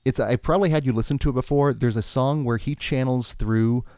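Guy cohosting a music podcast, warm low voice, rambly and excited, dry close sound. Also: brisk, clear, resonant tone, no echo. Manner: rambling, enthusiastic, restarts often. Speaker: podcast co-host. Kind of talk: casual chat about music.

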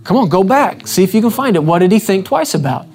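This man's voice is high, slightly mellow and a little rough; he talks fast and with great animation. Preaching an evening sermon to a church congregation, he keeps things conversational, peppering listeners with questions and acting out scripture with shifting emphasis.

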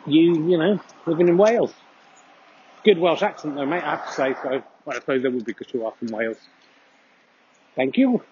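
A man's voice: a little high, fairly quick, muffled recording, noisy background. Rambling man walking his dog outdoors. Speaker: podcast host. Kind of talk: casual walking monologue.

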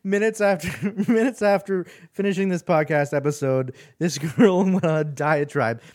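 A man's voice: a little high, moderate pace, a little mellow. Male podcast host, easygoing solo monologue with lots of restarts and chuckles. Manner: chatty, amused, trails off and restarts often.

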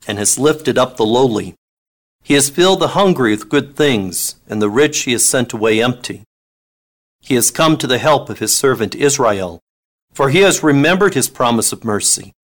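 A man giving a measured, solemn liturgical reading of scripture. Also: mid-range voice, a bit bright. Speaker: scripture reader.

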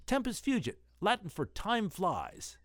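A jittery grown man whispers questions in a dark old house, his voice lifted and quiet, as a male reader puts him on. He sounds uneasy and hesitant in a dry, close recording. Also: sits high, huge pitch swings, unhurried, dry recording, voice pushed up, full character voice. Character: nervous adult male companion named Preacher.

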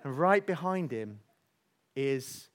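A man preaching a sermon, telling stories with animated energy and dropping to soft near-whispers for emphasis. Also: medium pitch, takes it slowly, some chatter behind.

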